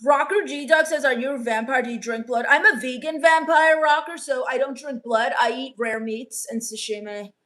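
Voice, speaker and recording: A woman playing a sullen, scornful goth teen vampire on a comedy live stream, reading chat with deadpan, sarcastic put-downs. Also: high voice, normal speed, hardly any pauses.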